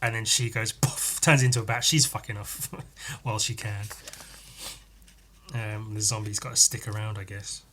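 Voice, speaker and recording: A man hosting a podcast who reads through a comic and raves about it in loose, casual chat. He swears freely and laughs often, and his voice has a bright, forceful edge. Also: lowish voice, fairly even intonation, normal speed, slight background noise. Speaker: podcast host.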